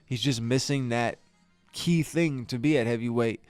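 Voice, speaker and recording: A man's voice: mid-range voice, normal speed, darkish tone, no echo, faint music behind. A man hosting a podcast, giving a casual fight review in an exasperated, profane way, stammering and restarting his sentences. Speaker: podcast host. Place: podcast studio.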